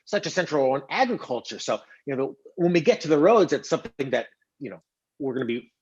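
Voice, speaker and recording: A man's voice: on the high side, sing-song, fast talker, slightly rough, lo-fi sound. A man co-hosting a casual livestream, eager and agreeable, talking with fillers. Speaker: co-host.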